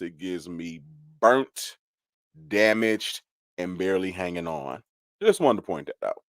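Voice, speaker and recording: Low, dry, sarcastic gossip commentator. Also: male voice, clear, resonant tone, dry recording. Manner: sarcastic, shady, drawn-out asides.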